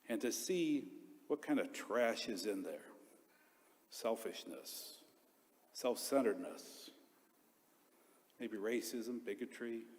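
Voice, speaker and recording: A man preaching a homily as a deacon, telling the story earnestly in short, paused phrases. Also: fairly low pitch, a little mellow. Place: church. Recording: long church reverb.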